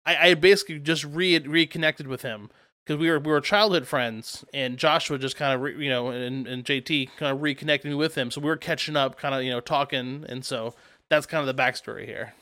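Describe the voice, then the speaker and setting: Young man, podcast co-host, eager chatter, bright tense tone, dry close sound. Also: mid-range voice, a little fast, no echo. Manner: excitable, laughs a lot, jumps in. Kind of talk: casual gaming podcast chat.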